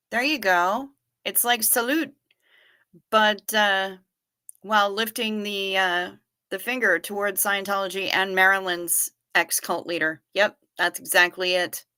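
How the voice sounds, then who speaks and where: Bright-voiced, wry woman chatting on a livestream. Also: mid-range voice, clean tone. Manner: chatty and wry, casually profane. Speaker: livestream host reading viewer chat. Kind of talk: casual chat.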